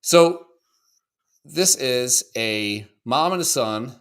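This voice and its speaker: A man talks loosely as a podcast co-host, his voice bright and edged, swinging widely up and down in pitch. He swears freely and rambles from thought to thought with excitable energy. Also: extremely slow, clean tone. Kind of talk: casual chat reacting to videos.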